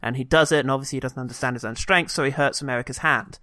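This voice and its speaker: Male co-host, casual film chat, bright edge, dry close mic, lively line readings. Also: mid-range voice, very fast, no echo. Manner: animated, acts out movie lines in funny voices. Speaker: podcast co-host.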